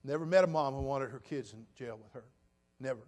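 A pastor in his sixties preaching a sermon, swinging between loud bursts and quiet, low asides. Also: a little fast. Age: 60s.

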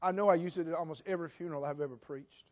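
A man's voice: on the high side, steady tone, racing. A man preaching a sermon to his church, telling a story in a conversational way. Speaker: pastor. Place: church sanctuary.

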